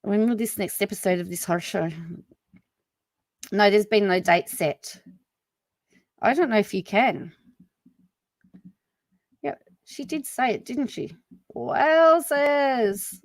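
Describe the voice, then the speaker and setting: A woman's voice: medium pitch, a little slow, pauses often, no room sound. A woman hosting a live commentary stream, chatty and incredulous, reacting to clips and answering viewers. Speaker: commentary channel host.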